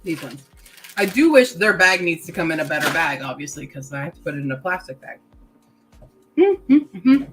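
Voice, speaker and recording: A woman's voice: deep voice, very animated, normal speed, a bit bright, slight background noise, low-quality recording. A woman hosting a casual writing-sprint livestream. She reads chat comments aloud, laughs often and talks while chewing candy.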